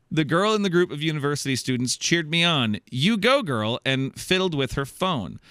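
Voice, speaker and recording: A podcast host with a fairly high pitch and clean tone reads a listener's story at a moderate pace, captured in a dry, studio-quality recording. His comedy show delivery is animated, full of laughter and joking interjections.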